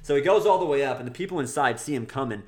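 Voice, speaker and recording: Young male co-host, casual storyteller, everyday middle voice, animated. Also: racing. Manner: animated, acts out quoted people in a high voice. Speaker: podcast co-host.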